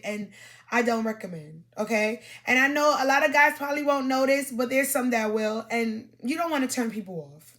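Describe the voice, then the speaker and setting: A woman's voice: a little high, a bit bright. A woman hosting a podcast, giving dating advice in an emphatic, repetitive coaching monologue with demonstrations.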